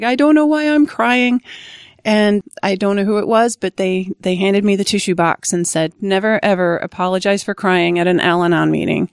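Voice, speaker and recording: A woman's voice: mid-range voice, clean tone, no echo, clean studio sound. A woman sharing her first recovery meeting on a podcast, speaking reflectively with frequent small restarts. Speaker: Al-Anon member sharing her story.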